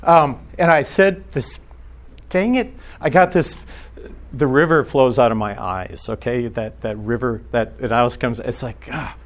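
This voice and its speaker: A man teaching a church class in an earnest, halting way, restarting his sentences often. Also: mid-range voice.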